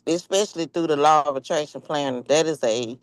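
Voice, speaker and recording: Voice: medium pitch, a little fast, clear, resonant tone, dry recording. Colloquial storyteller with a dry, close sound. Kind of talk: casual chat.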